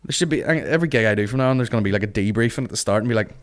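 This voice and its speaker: A man's voice: on the low side, very fast. A man hosting a comedy podcast, ranting casually, cursing a lot and acting out other people's voices. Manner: sweary, animated, acts out people's voices. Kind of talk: casual comic rant.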